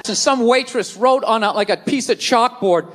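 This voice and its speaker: High, bright-voiced ranting comedian. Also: male voice, moderate pace. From US East Coast. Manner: loud, profane, ranting, often shouting. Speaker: stand-up comedian. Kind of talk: stand-up comedy rant. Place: comedy stage before a live audience.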